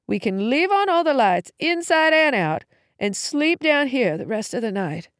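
An anxious, devout middle-aged mother with a quavery voice that climbs high and swings wide, as a woman reading the story puts her on. She sounds pleading and shaken. The audiobook recording is close and dry. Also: big pitch swings, moderate pace, fairly bright tone, dry recording. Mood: practical.

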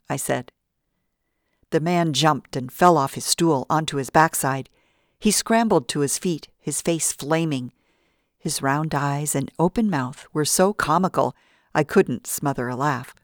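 A woman narrating a novel in a steady storytelling read. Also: deep voice, measured pace, dry recording, clean studio sound. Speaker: audiobook narrator. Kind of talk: scripted narration.

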